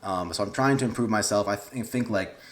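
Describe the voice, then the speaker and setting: A man's voice: fairly low pitch, brisk. A young man, vlogging casually in a rambling, awkward, self-deprecating way. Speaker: YouTuber. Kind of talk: casual vlog talk to camera.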